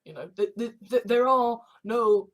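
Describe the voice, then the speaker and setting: A woman's voice: a little high, expressive, a little slow. A woman talking in a casual, rambling monologue, swearing often and restarting her sentences. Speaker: online commentator.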